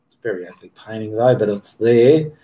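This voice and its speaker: A man's voice: lowish voice, lively intonation, brisk, mellow. A man hosting a casual livestream Q&A for his painting channel, reading viewer comments aloud and answering them in a rambling, self-correcting way. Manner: rambling, stops to correct himself mid-sentence. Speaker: art channel host answering live chat.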